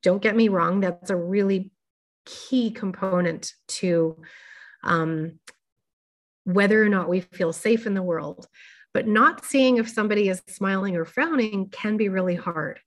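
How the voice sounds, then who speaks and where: A woman's voice: medium pitch, unhurried. A woman presenting a workshop, explaining things in an informal, careful way with frequent fillers.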